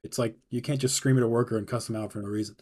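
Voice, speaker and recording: A man telling a personal work story in a casual monologue, acting out the quoted dialogue as he goes. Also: medium pitch. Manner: fast, animated retelling with quoted dialogue.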